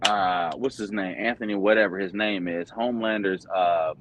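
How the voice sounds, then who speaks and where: A man's voice: on the low side, steady tone, normal speed, noisy background. A man hosting a pop-culture stream, rambling in casual chat with lots of fillers and crude slang over an online voice chat.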